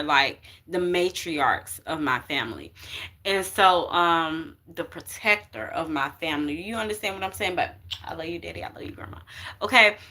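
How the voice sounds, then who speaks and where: A woman's voice: mid-range voice, bright, forceful tone. A young woman doing a casual spiritual card reading for her viewers, talking emphatically and checking in with "okay" and "y'all" over and over. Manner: chatty, emphatic, keeps saying okay and y'all.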